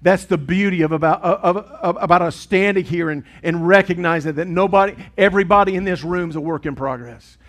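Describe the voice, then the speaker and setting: Middle-aged man, pastor preaching, higher-pitched voice, earnest, loud then hushed. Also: fairly quick, hardly any pauses. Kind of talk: sermon. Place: church sanctuary with congregation.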